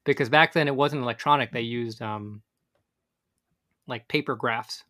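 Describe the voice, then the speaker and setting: A podcast co-host rambles through a casual chat with lots of fillers and restarts. His voice is bright and mid-range, and he speaks at a normal speed.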